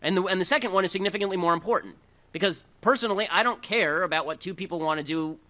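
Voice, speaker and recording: Man delivering a combative speech, bright, tense, higher pitched. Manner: fast, combative, sarcastic delivery. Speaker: speaker giving a talk. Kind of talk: speech to a live audience.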